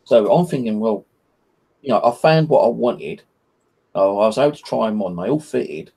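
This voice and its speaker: An English man chats on a live stream, spinning a loose, meandering anecdote packed with fillers. His voice is dark and husky, with a gravelly edge. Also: mid-range voice, lively intonation, moderate pace. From England. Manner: rambling, full of "you know" and "like". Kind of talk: casual chat, storytelling.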